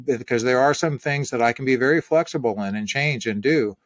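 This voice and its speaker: A middle-aged man, speaking in a dry, close recording. He tells stories at an unhurried pace and reflects on them, with a laugh here and there. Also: mid-range voice, no room sound. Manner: reflective, storytelling, easy laughs. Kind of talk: casual conversation.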